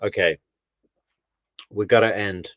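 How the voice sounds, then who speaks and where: A man's voice: lowish voice, steady tone, takes it slowly, fairly bright tone, no echo. A man hosting a casual true crime live stream, chatty and laughing as he thanks viewers by name. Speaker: true crime commentary host.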